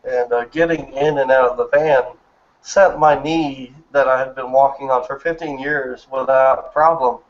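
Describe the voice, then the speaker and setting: A man's voice: medium pitch, fairly even intonation, normal speed. A man in his thirties telling a personal story in an earnest, emotional way during a casual chat. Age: 30s. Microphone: online voice chat. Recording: muffled lo-fi voice chat audio.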